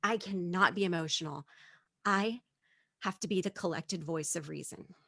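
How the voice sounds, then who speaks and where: A middle-aged woman, an immigrant living in Japan, telling a personal story in a stand-up set, animated and jumping in pitch when she acts out what others said. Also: moderate pace, vocal fry, no echo, clean studio sound. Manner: animated, acts out quotes with big pitch jumps.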